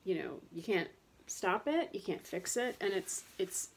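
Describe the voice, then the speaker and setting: A woman's voice: mid-range voice, animated, measured pace, husky. A woman in her thirties talking candidly and in a rambling way, frustrated, with many fillers and restarts, in a casual personal monologue. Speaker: vlogger talking about chronic pain.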